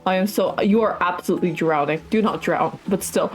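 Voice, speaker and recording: A young woman streaming a game, gushing and exclaiming excitedly to her chat. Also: mid-range voice, moderate pace, low-quality recording. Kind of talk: casual gameplay livestream. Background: game music.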